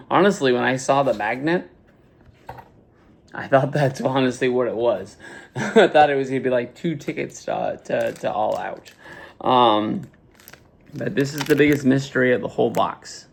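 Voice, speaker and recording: A man's voice: mid-range voice, moderate pace, vocal fry, slight background noise. A man casually chatting through an unboxing, rambling with lots of fillers in a laid-back way. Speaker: unboxing vlogger.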